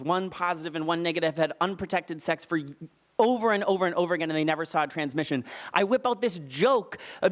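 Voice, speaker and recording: A man telling a personal story live on stage at a storytelling night, candid and earnest, with lively emphatic retellings of dialogue, into a stage microphone. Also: high voice.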